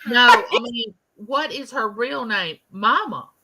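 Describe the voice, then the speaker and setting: Older woman co-host, bright and slightly high voice, earnest and exasperated. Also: takes it slowly, rough recording. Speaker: co-host, former kindergarten teacher. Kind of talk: casual chat.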